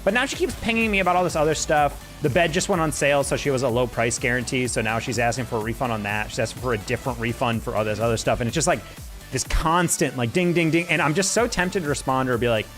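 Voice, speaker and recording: A man streaming a game and chatting as he plays, rambling along as he vents. He talks at a quick pace in a mid-range voice, with faint music behind him. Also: medium pitch, a bit bright. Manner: rambling, venting, conversational. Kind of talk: casual chat while gaming.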